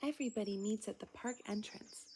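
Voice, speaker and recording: A woman reading a picture book aloud to young children, often in a hushed, whispery voice with gasps of wonder, pointing things out and asking questions. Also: medium pitch, brisk, a little hiss or hum. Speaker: children's storybook reader.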